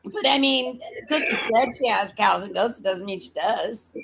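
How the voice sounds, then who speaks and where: A woman's voice: medium pitch, normal speed, creaky, background noise. A woman with a slight Southern accent, chatting casually on a livestream, teasing and laughing often.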